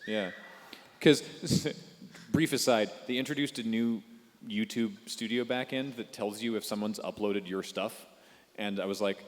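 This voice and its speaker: Male panelist, casual and rambly, slightly low voice, miked in a reverberant convention hall. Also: fairly even intonation, normal speed. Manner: rambling, chatty, lots of fillers and restarts. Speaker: panelist on a live comedy web show panel. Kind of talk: casual live panel chat. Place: large convention hall stage.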